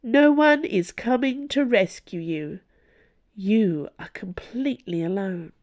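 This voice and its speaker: A woman's voice: mid-range voice, expressive, slow, lo-fi sound, pitched above the performer's own voice. A woman voicing a cheerful, mocking female jailer who taunts her prisoner. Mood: taunting. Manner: bright, taunting.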